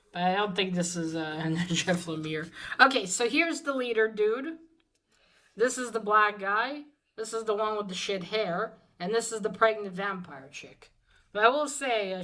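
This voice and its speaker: A woman's voice: mid-range voice, fairly bright tone, rough recording. A woman giving a casual comic book review, chatty and profane, with many fillers and restarts.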